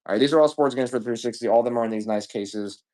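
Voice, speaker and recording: A man selling used games on a livestream, rambling casually with profane jokes and shout-outs to chat. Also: medium pitch, quick pace. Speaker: live sale seller.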